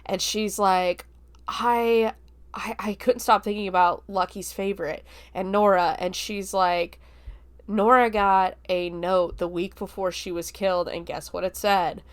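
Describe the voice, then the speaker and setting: A woman hosting a film review podcast, retelling the plot in a chatty, casual way full of fillers and quick laughs. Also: mid-range voice, fairly even intonation, smooth.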